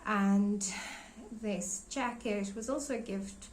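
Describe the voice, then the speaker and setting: A woman's voice: medium pitch, takes it slowly, slight background noise, poor audio. A young woman losing her voice, chatting casually and rambling as she shows her collection in a vlog, often searching for names and laughing. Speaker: doll collector vlogger. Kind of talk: casual show-and-tell vlog.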